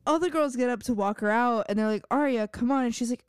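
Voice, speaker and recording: Smooth-voiced woman recapping with laughs. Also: a little high, no room sound, clean studio sound. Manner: laughs often, narrates scenes briskly. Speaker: podcast co-host. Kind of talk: casual recap chat.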